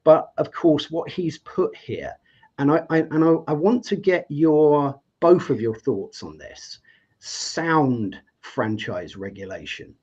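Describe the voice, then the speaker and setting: A man's voice: on the high side, lively intonation, a little slow, darkish tone, slightly rough. A man hosting a live debate show, upbeat and chatty, with plenty of fillers and restarts. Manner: enthusiastic, lots of fillers and restarts. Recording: slightly dull lo-fi audio.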